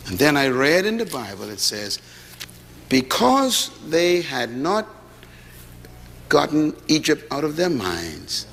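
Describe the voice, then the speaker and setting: Animated preacher man in an echoey hall. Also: fairly high pitch, slow, pauses often, slight background noise. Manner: lively preaching with rhetorical questions and humorous storytelling. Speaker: pastor. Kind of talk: sermon. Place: large hall with audience. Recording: echoey hall, faint ambience.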